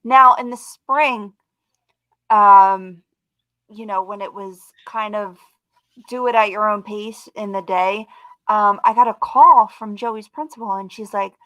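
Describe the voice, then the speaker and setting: A middle-aged woman, a guest on a video-call webcast, chatting casually and telling stories in an animated way with lots of "like" and "dude". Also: mid-range voice, slow, no room sound, dull audio. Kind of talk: casual chat on a live webcast.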